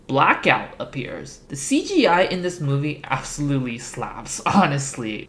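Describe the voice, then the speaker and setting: A video essayist recapping a film with sarcastic, ironic asides and comic timing. The voice sits at a middle pitch with a casual, wry delivery. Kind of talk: comedic video-essay narration.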